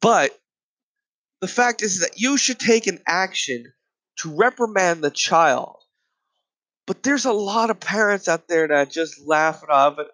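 A man's voice: high voice, expressive, measured pace, fairly bright tone, low-quality recording. A man delivering a profane, exasperated comedic rant, angry and swearing constantly.

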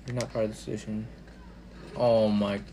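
A man's voice: lowish voice, level tone, moderate pace, warm tone, a little hiss or hum. A young man talking over his own online match, ranting and swearing at his teammates in frustration. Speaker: gamer. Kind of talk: live gameplay commentary.

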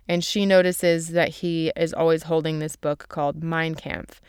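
A woman's voice: low voice, level tone, moderate pace, clean tone, no room sound, studio quality. A young woman casually retelling a novel's chapters for a book summary, peppering her talk with "like" and reading passages aloud.

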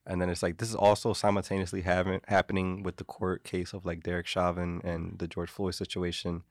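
A man with a very deep voice rattles through a story at high speed, circling back with constant "like"s. The sound is dry and close, with no room around it. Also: completely flat delivery, fairly quick, dry recording. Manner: rambling storyteller, heavy on "like". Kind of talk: casual chat.

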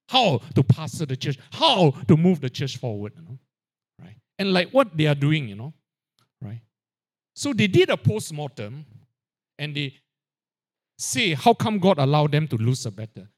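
Lively preaching man, forever asking "right?". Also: on the high side, moderate pace. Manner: animated preaching, constant "you know, right?" tags; drops to a quiet aside on filler tags. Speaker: pastor. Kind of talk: sermon.

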